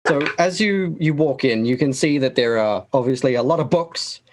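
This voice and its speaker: A man acting as dungeon master, narrating a tabletop game in a slow, drawn-out descriptive way. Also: medium pitch, expressive.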